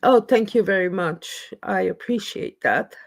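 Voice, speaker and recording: A woman chats on her live stream in an unhurried, rambling way. She is easygoing and self-deprecating, at a middle pitch, and she drifts from one thought to the next. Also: gravelly. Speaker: livestream host. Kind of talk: casual live stream chat. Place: lives in Scotland.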